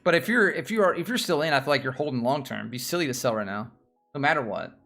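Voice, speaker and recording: A man's voice: medium pitch, animated, quick pace, gravelly, fairly bright tone, soft background music. A man with a Southern US accent hosting a casual livestream, rambling and chatting with viewers. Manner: rambling, repeats himself, chats with viewers. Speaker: livestream host. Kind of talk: casual livestream chat about stocks.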